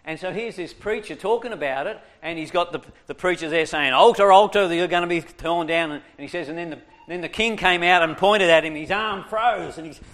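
A man's voice: high-pitched, fairly quick, few pauses, pushed and bright. A man preaching a sermon, telling stories animatedly and laughing often. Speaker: preacher, evangelist. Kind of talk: storytelling sermon.

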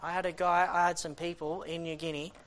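A man preaching a sermon with fervent conviction. His delivery rises to loud, pleading bursts and then drops into quiet, sighing asides. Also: on the high side, flat delivery, brisk. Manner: impassioned, swings between loud exhortation and quiet, sighing asides. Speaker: missionary preacher.

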